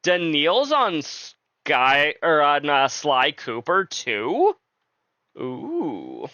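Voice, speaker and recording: Slow-talking, bright-voiced male streamer. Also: fairly high pitch, huge pitch swings, dry recording, lo-fi sound. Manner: laid-back, joking, talks to chat. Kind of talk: casual live-stream chat.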